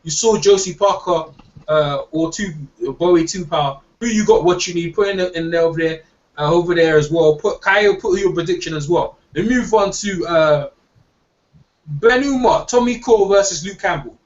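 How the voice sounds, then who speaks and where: Man, high voice, slangy casual host, distant lo-fi mic, faint hiss. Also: normal speed. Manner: loose, slangy, repeats himself. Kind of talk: casual online hangout chat.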